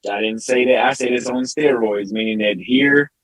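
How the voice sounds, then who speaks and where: A man's voice: mid-range voice, normal speed, crowd noise, rough recording. A man as a podcast guest in a heated debate, insistent, stumbling over restarts.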